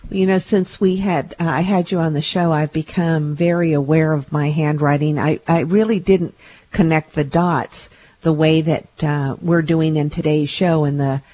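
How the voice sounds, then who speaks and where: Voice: medium pitch, steady tone, normal speed, dark tone. A radio host talks at length in a chatty way and often turns statements into leading tag questions. The recording is a bit dull and lo-fi. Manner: chatty, asks leading questions ending in tags. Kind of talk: radio interview.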